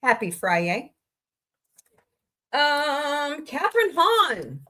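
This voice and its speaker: A woman hosting a casual livestream greets viewers by name and rants about entertainment news while reading the live chat. Her high voice is sing-song and extremely slow, with a pushed, bright quality.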